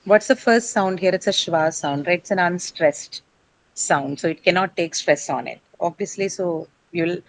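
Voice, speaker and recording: A woman with a fairly low voice leads an English pronunciation lesson. She explains patiently, poses questions to her class and answers them herself, and often checks in with "right?". Her voice sounds dry and close, with no room echo. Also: normal speed. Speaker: English teacher.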